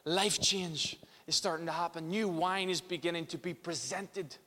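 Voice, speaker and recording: A man's voice: a little high, steady tone, normal speed, pushed and bright, long reverb tail. A man preaching a sermon as pastor in a church, impassioned, often restarting and repeating words.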